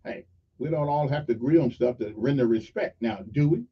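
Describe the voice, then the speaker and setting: A man's voice: medium pitch, fairly quick, noisy background. A middle-aged man, hosting a casual morning radio show with folksy, rambling asides and jokes. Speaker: radio talk show host. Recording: dull sound from a distance.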